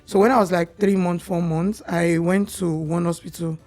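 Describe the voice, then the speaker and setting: A young Nigerian woman, a podcast guest, telling her personal story in a candid, animated way. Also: fairly low pitch, normal speed, soft background music.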